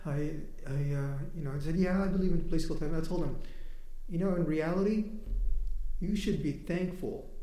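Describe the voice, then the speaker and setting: A man's voice: on the high side, brisk, dark tone. A man giving a conversational sermon, telling a personal story and quoting people. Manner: conversational, quotes people, laughs between points. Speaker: preacher. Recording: echoey room.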